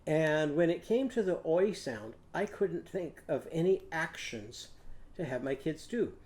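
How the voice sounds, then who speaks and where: Slow, gentle older man teaching phonics. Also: fairly high pitch, animated. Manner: gentle, patient, prompting children to repeat. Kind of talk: children's phonics lesson with songs.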